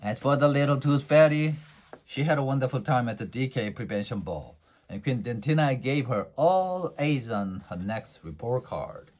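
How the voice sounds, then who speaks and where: Man storyteller, unhurried picture-book read-aloud with the odd slip and restart. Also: mid-range voice, animated, darkish tone. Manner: unhurried, with small slips and restarts.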